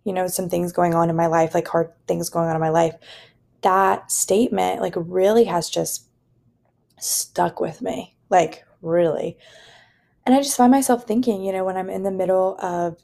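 A woman's voice: on the low side, fairly even intonation, moderate pace, gravelly, mellow. A young woman hosting a solo podcast, talking in an earnest, rambling way with lots of "like" and "you know". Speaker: podcast host. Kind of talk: casual solo podcast monologue.

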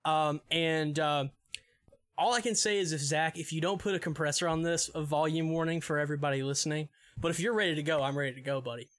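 High-voiced rambling podcast man. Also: fast talker, a bit bright. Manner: rambling, swears a lot, laughs mid-sentence. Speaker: podcast co-host. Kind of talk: casual profane movie recap.

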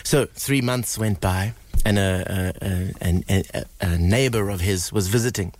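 A man's voice: low voice, a little slow. A middle-aged man and musician guest telling a story earnestly on live radio, with frequent fillers and restarts. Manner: earnest, animated storyteller with many fillers and repeats.

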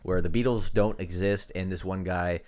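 A man's voice: sits low, steady tone, normal speed, darkish tone. A young man in casual podcast chat, making dry, sarcastic jokes.

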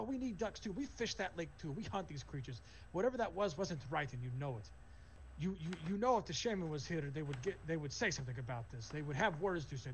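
A man voicing gruff orc guards. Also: on the high side, slight background noise. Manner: tough-acting, blunt. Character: gruff wary orc guards, male and female.

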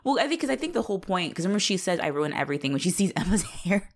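A woman's voice: on the low side, sing-song, very fast. A woman co-hosting a casual podcast, recapping a TV episode and swearing freely as she acts out the characters' lines. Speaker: podcast co-host. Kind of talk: casual rewatch podcast chat.

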